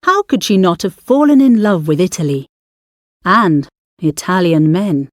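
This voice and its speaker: A woman narrating an audiobook story in a measured, expressive manner. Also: fairly low pitch, no echo, studio quality.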